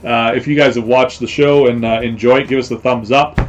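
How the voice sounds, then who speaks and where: Rambling live-stream host, slightly muffled. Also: male voice, medium pitch, steady tone, brisk, slight background noise. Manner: rambling with many fillers and repeated phrases. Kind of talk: casual live-stream chat.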